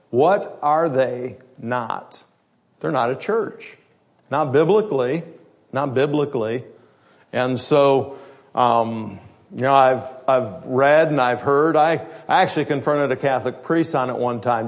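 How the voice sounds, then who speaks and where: A male pastor preaching an evening sermon, talking through the text conversationally and putting questions to the congregation. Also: medium pitch.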